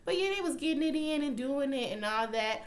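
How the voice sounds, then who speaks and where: A woman's voice: high voice, brisk. A young woman casually recapping a TV episode, blunt and profane, retelling scenes and quoting lines as she goes. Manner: profane, blunt, animated storytelling with acted-out quotes. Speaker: TV recap vlogger.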